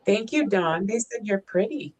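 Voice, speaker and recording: A woman's voice: medium pitch, lively intonation, normal speed, a little mellow, poor audio. A woman co-hosting a casual live-stream chat, talking fondly and in baby-talk to her dog between stories. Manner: baby-talks to her dog, chatty and fond. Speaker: co-host.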